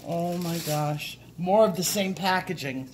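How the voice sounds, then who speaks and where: Middle-aged woman host, unhurried delivery, breathless gushing, faint background hiss. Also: on the low side. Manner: breathless, gushing, repeated exclamations. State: shaky with excitement. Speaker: coloring channel host. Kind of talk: excited unboxing vlog.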